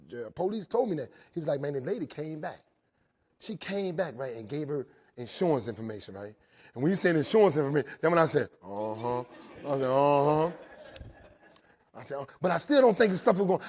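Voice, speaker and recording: Husky, animated male storyteller. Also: on the high side. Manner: animated storytelling, swinging loud and soft, asks the crowd "right?". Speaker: recovery speaker. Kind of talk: storytelling talk to a live audience. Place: jail, indoors.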